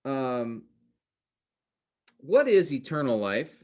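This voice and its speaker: A man teaching a class in a conversational way, often pausing to quiz his students with questions. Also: medium pitch, big pitch swings, a little mellow. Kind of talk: interactive class lecture.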